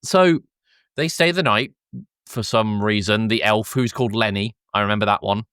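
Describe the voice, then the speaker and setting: A man co-hosting a podcast, retelling a film scene by scene in casual chat, laughing often and slipping into quick voices for the characters. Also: lowish voice, fairly bright tone, clear, resonant tone, no room sound, studio quality. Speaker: podcast co-host.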